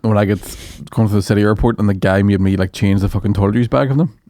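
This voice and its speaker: A man's voice: lowish voice, fast, dark tone, no echo. Sweary man telling stories. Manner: laughing, sweary, rambling anecdotes. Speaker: comedian guest. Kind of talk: casual chat, storytelling.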